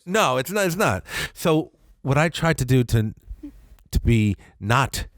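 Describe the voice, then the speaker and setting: A man co-hosting a podcast, telling a comic story in a casual, profane way and jumping into high voices when he quotes people. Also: very animated, unhurried, no echo, clean studio sound. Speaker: podcast co-host. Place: podcast studio.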